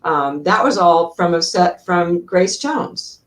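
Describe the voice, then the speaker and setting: A woman guest in an interview, telling lively behind-the-scenes stories and acting out the voices of the people in them. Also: on the low side, slow, recorded from a distance, rough recording. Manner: animated anecdotes, acts out voices in quotes. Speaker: guest actress. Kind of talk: storytelling in an interview.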